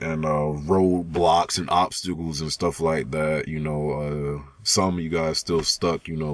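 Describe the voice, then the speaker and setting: A young YouTuber with a very low voice talks to his viewers in a loose, slangy ramble full of fillers and restarts. He sounds sleepy. The sound is dry, with no room echo. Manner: laid-back slangy talk. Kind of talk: casual vlog talk to viewers.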